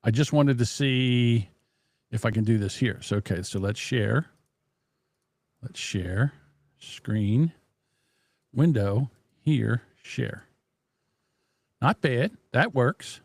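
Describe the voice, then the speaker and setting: A man hosting a casual live stream from his home desk, muttering to himself as he fiddles with the software and making blunt, profane jabs. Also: mid-range voice, slow, pauses often, dry recording. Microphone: desk microphone.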